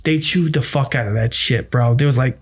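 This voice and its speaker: A man's voice: medium pitch, a little fast. A man co-hosting a casual podcast, telling a long story with plenty of swearing. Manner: profane, storytelling, animated. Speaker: podcast co-host. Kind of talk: casual chat.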